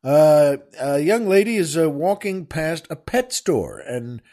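A man's voice: a little high, sing-song, takes it slowly, warm tone. A man hosting a podcast, casually telling a joke and chuckling as he rambles along with many fillers. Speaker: podcast host.

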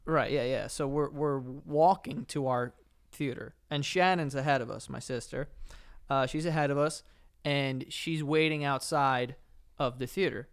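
A man co-hosting a podcast, telling a story in casual chat with lots of "like" fillers and an animated delivery. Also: mid-range voice, a little slow, clean tone. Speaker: podcast co-host.

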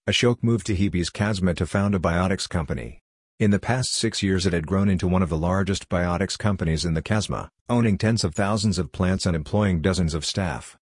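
Low husky male audiobook narrator. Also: no room sound, clean studio sound.

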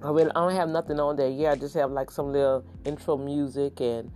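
A middle-aged podcast host talking in a loose, excitable and folksy way, repeating pet phrases like a preacher. The voice sits in an ordinary middle pitch. Soft music plays faintly underneath. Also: fairly quick. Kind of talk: casual podcast monologue.

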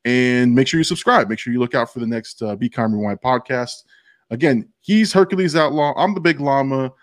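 A man hosts a casual film podcast with a beer in hand, relaxed and freely profane. His voice sits at an ordinary middle pitch. The close mic sounds dry. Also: brisk, dry recording. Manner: laid-back, profane, drinking beer on air. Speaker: podcast host.

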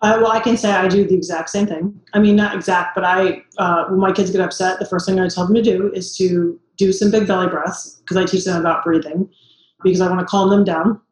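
A woman's voice: lowish voice, steady tone, fairly quick. Chatty mother in an echoey room. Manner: chatty, many "like" fillers, acts out quoted voices. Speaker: guest, mother. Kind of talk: casual interview chat.

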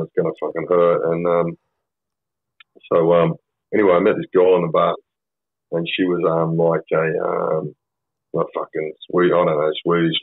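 A middle-aged Australian man with a low, husky voice, telling a story in a blunt and sweary way that wanders and circles back. The sound is thin and tinny, like a phone line, with very dry acoustics. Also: no echo. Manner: blunt, sweary, rambling with many fillers. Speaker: podcast guest. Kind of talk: casual storytelling.

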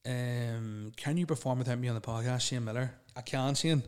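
A man's voice: medium pitch, normal speed, a little mellow, smooth. A young man hosting a solo podcast, rambling and swearing bluntly as he answers listener questions. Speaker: podcast host.

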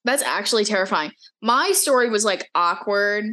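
Young woman cohost, mid-pitched voice, laughs a lot and reacts all shocked, casual podcast chat. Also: animated, moderate pace, bright, forceful tone. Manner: reacts with laughter, incredulous remarks. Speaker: podcast co-host.

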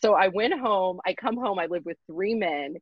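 A young woman comedian telling a story in a casual, profane, animated way and acting out the people in it. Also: medium pitch, normal speed, slightly rough, dry recording. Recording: dull lo-fi sound.

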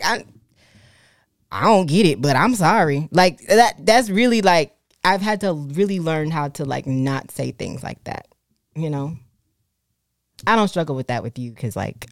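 A young woman with a low, deep-set voice chats casually and candidly, looping back with fillers and restarts as she thinks aloud. The sound is close and dry, with no room around it. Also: vocal fry, no echo. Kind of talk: casual chat.

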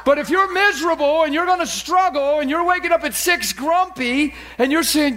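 A man preaching as a pastor, animated and acting out quoted voices in a lively sermon. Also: extremely high pitch, moderate pace.

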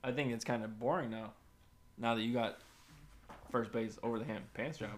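Young man, mid pitch, teasing, relaxed banter. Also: normal speed, slight background noise. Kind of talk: casual podcast banter.

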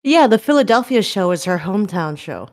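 A woman co-hosting a podcast in casual chat, bantering with quick jokes and frequent swearing. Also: mid-range voice, sing-song, a little mellow. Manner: laughing, profane, quick banter. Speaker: podcast co-host.

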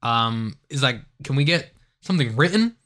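A man's voice: mid-range voice, animated, normal speed, a bit bright. A young man co-hosting a live stream, rambling in a laid-back, slangy casual chat. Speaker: co-host.

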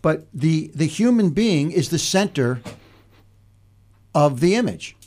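A man's voice: on the high side, expressive, slow pace, a little mellow. An older man hosting a casual talk show, telling a reflective story in a meandering way with many restarts. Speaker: podcast host.

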